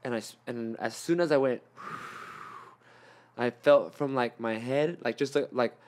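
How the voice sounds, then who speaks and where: A man's voice: mid-range voice, slow, a little mellow. A young man hosting a podcast, telling a long story in rambling, profane casual chat and acting out his friends' lines. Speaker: podcast host.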